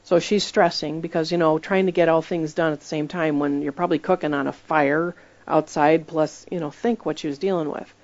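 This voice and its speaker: Woman, preacher, conversational sermon, emphatic storyteller, lowish voice, dull lo-fi recording. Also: fairly even intonation, a little fast, a little mellow.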